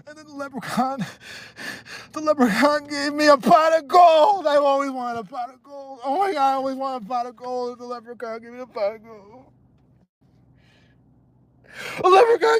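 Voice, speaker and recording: A man mocking a rival by putting on a melodramatic, whiny grown man who fake-cries and gushes. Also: dry recording. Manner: high, sobbing, gushing exclamations.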